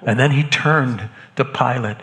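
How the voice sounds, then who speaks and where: A man acting a hardened Roman centurion shaken by an execution, talking haltingly and repeating words, in a church drama. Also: mid-range voice, pushed and bright, big-room sound. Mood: grave, shaken.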